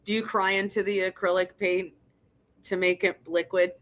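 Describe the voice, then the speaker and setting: A woman's voice: medium pitch, little pitch movement, normal speed, fairly bright tone. A young woman hosting a casual livestream, chatting with her viewers, laughing often and swearing as she rambles. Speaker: livestream host.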